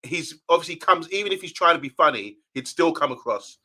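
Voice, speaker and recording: Male co-host, bright ringing tone, chatty, reads out viewer comments on a live stream. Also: a little high, expressive, brisk. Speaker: co-host of a fan channel live show. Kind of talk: casual live-stream chat.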